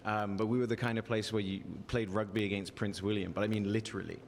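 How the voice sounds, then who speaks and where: A man in his forties with an English accent, joking about himself in quick bursts. His voice sits fairly low and carries a long reverb from an outdoor stage. A faint noise hums underneath. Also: fairly even intonation. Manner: joking, self-deprecating, quick-talking. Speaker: guest. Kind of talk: casual on-stage interview. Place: outdoor backyard bar stage.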